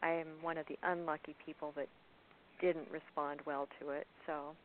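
Low-voiced woman caller on a hissy phone line. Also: little pitch movement, moderate pace. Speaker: caller and poet. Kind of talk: phone-in conversation. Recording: tinny phone line with faint hiss.

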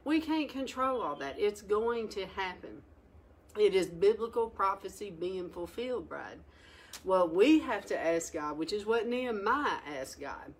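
A woman leading a Bible study, exhorting her listeners emphatically with sharp rises in pitch. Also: expressive, measured pace, husky. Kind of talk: lively Bible teaching.

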